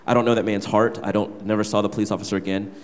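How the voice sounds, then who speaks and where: A man's voice: fairly low pitch, flat delivery, racing. A young man, a worship leader, candidly telling a personal story to his church gathering. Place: church hall. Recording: reverberant hall.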